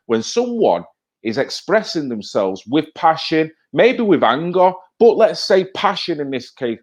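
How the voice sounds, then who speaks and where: A man's voice: a little high, muffled recording. A man commenting on TV clips in a heated, emphatic rant, often tagging his points with "right?". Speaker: video commentator. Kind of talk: reacting to TV clips, ranting.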